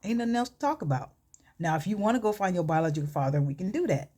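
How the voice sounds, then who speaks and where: Woman reading a plainspoken young man, firm and matter-of-fact, own low-ish voice. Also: expressive, fast talker, warm tone.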